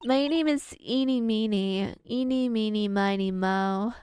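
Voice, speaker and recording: A woman's voice: medium pitch, unhurried, a little mellow, a little hiss or hum, close to an everyday voice. A woman voicing a ditzy young American college girl with an airheaded manner, full of "like", reading game dialogue aloud. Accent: American, put on. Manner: airheaded, peppered with "like".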